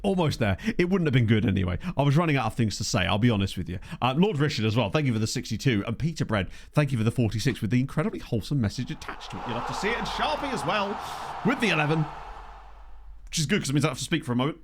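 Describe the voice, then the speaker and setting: Jokey man streaming, lively pitch. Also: rapid-fire, noisy background. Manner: jokey, self-mocking, laughs often. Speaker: streamer and game host. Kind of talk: casual livestream chat. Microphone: desktop USB microphone.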